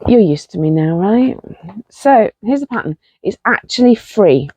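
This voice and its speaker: A woman's voice: mid-range voice, expressive, a little slow, warm tone, no echo. A woman hosting a casual knitting podcast, chatty and self-deprecating, rambling with fillers. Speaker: podcast host.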